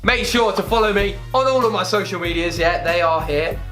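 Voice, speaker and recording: High-voiced young London man. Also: fairly quick, faint music behind. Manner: heavy street slang, deadpan delivery. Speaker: comedy video creator. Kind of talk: comedic rap with spoken explanations.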